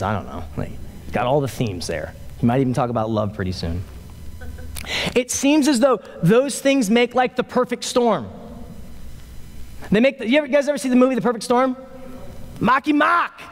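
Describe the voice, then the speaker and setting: A man's voice: a little high, darkish tone, slight background noise. A man preaching a sermon as a pastor, conversational and joking, then building to emphatic peaks. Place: church sanctuary. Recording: long hall reverb.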